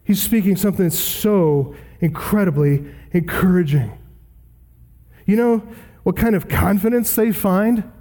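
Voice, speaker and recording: A man's voice: sits high, a little slow, dark tone. A man preaching an earnest, emphatic expository sermon, reading scripture aloud. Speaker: pastor. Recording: long hall reverb.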